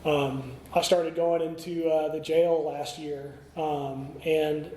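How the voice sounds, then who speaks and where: A man's voice: on the high side, flat delivery, slow, dark tone, slight background noise. Man telling his story in an echoey room. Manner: candid storytelling with many fillers and restarts. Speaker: AA speaker. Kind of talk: recovery talk. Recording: echoey meeting room, faint ambience.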